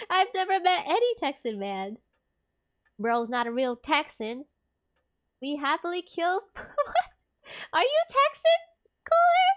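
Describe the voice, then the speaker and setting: Giggly young streamer girl talkin to chat, real high voice. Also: very animated, slow, pauses often. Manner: giggly, chatty, talks to chat. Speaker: gaming streamer. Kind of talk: casual chat with viewers.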